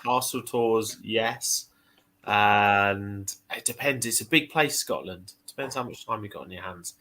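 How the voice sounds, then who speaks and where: Male host, bright low voice, casual rambling chat. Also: unhurried. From United Kingdom. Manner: relaxed, chatty, many fillers and restarts. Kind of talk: casual live stream chat.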